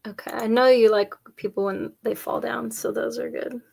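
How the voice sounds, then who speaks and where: A woman's voice: a little high, steady tone, moderate pace, gravelly, darkish tone, breathy edge. A woman co-hosting a casual chat, telling jokey stories with lots of laughter. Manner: chatty, jokey storyteller, frequent laughs. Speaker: podcast co-host.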